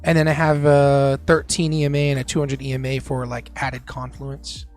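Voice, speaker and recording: A man's voice: medium pitch, normal speed, soft background music. A man hosting a casual live trading stream. He chats loosely with viewers and uses lots of fillers. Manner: relaxed, filler-heavy, chatting with viewers while trading.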